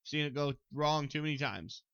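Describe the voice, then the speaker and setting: A young man hosting a casual solo sports podcast, excitable, talking straight to his listeners and swearing freely. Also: on the high side, moderate pace, smooth, no echo, poor audio. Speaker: podcast host.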